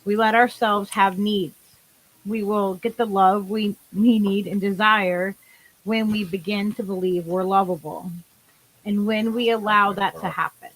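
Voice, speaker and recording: A woman co-hosting a casual talk show, reading affirmations slowly and gently and giggling now and then. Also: mid-range voice, fairly even intonation, poor audio. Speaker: podcast co-host.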